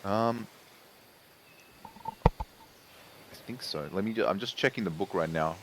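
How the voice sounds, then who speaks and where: Deep-voiced male player, unsure. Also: slow, background noise. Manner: unsure, checks the rulebook. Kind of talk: casual tabletop chat.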